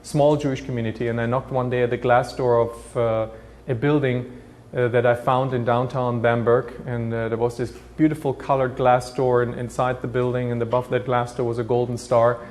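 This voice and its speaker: A man's voice: mid-range voice, little pitch movement, normal speed, darkish tone. Earnest German-accented man telling his story. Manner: earnest, reflective, with restarts. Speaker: guest recounting his life. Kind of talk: personal testimony.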